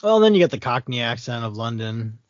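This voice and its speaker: A man's voice: medium pitch, big pitch swings, a little fast, dry recording. A man from the American Midwest with a Midwestern accent, chatting casually and hesitantly, with many fillers and restarts. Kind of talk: casual movie chat. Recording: dry, dull lo-fi sound.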